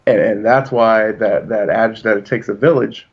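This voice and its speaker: A man's voice: fairly low pitch, moderate pace, breathy edge, dull audio. A man in his thirties, a podcast co-host, talking in an earnest, reflective way as he tells personal stories. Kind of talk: casual chat.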